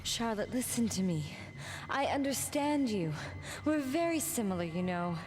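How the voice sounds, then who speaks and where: A gentle, pleading young heroine. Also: female voice, fairly high pitch, sing-song, moderate pace. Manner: soft, earnest pleading. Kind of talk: dubbed video game cutscene.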